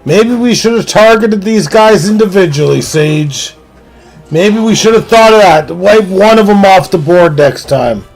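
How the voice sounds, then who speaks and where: A man's voice: sits high, animated, a little slow, vocal fry, soft background music, low-quality recording. Profane ranting male game streamer. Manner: profane, mock-angry ranting. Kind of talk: live game stream chat.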